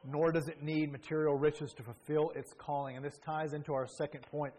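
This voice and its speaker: A male pastor preaches with an earnest, emphatic delivery. His voice sits a little high for a man. He builds into forceful bursts on his key points. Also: fairly even intonation, brisk. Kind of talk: sermon.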